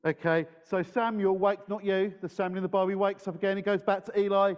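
A man's voice: high voice, a little fast, hardly any pauses, in a large hall, dull audio. Playful man leading a children's talk. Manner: playful, engages the audience with questions. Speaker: church leader giving a children's talk. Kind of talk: lively talk to children in a service. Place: church hall. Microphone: handheld microphone.

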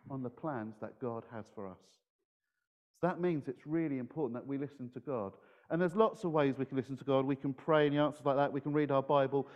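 A man's voice: medium pitch, a little mellow, long reverb tail, muffled recording. Playful man leading a children's talk. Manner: playful, engages the audience with questions. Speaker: church leader giving a children's talk. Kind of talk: lively talk to children in a service. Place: church hall. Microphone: handheld microphone.

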